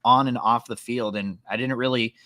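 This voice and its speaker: A man's voice: medium pitch, fairly even intonation, normal speed, pushed and bright, no echo, clean studio sound. A man co-hosting a sports podcast, talking casually with many fillers and restarts. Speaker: podcast co-host.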